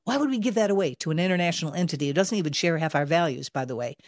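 A woman's voice: sits low, lively intonation, racing, darkish tone, no room sound, clean studio sound. A woman, hosting political commentary in an emphatic, insistent way. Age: 60s. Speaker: talk show host.

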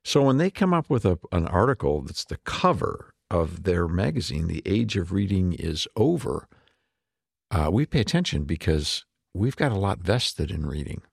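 A man hosting faith-based political commentary in a measured manner, with the odd filler. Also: low voice, big pitch swings, creaky, no room sound, clean studio sound. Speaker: talk show host.

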